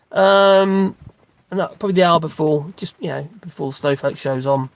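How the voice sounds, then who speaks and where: A middle-aged man with a slightly high, gravelly voice chats loosely to his live-stream viewers. He rambles from one thought to the next with plenty of fillers and restarts. He talks into a phone while out on a dog walk. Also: normal speed, dry recording.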